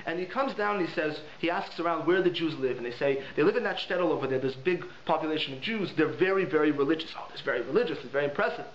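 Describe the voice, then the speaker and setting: Male rabbi, lively teaching style with heavy repetition; high voice, muffled lo-fi recording with faint hiss. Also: fast, few pauses. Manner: animated, repeats words for emphasis. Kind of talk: holiday Torah lesson with storytelling. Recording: echoey room, dull lo-fi sound, faint hiss.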